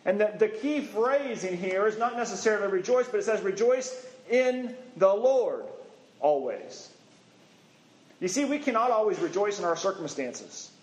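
A man preaching a sermon in a conversational, halting way, rising in pitch when he stresses a point. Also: expressive, echoey room, poor audio.

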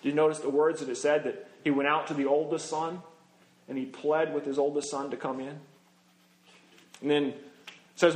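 A man with a high-pitched voice delivers a sermon as pastor. He preaches earnestly, slowing down and sinking low as he finishes each scripture line. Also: flat delivery.

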